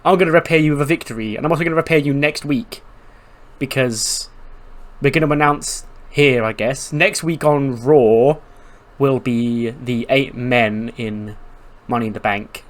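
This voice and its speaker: Chatty guy recapping his game, lots of ums and likes, average pitch voice. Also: moderate pace. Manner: chatty, storytelling with frequent fillers. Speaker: game streamer. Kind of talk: casual game commentary.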